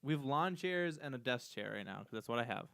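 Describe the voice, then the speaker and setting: A man's voice: mid-range voice, lively intonation, fairly quick, vocal fry, a bit bright, dry recording, clean studio sound. A young man hosting a casual podcast at home, rambling with lots of fillers and restarts. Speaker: podcast host. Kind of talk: casual chat. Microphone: desk mic.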